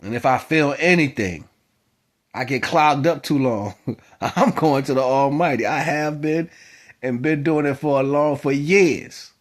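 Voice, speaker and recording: Man, spiritual vlog talk, emphatic, swings from soft to loud. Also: fairly high pitch, a little slow. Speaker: spiritual vlogger. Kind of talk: preaching monologue to camera.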